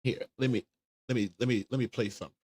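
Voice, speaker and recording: A man's voice: mid-range voice, steady tone, fast, a little mellow. A man hosting a casual livestream commentary show, chattily talking himself through searching for a clip. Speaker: show host.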